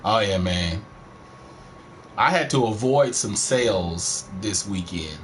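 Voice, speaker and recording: A fairly low but animated, somewhat bright voice belongs to a middle-aged Texas man with a country accent, taking things slowly over slight background noise. Streaming a game from home, he offers rambling, laid-back, profane let's-play commentary.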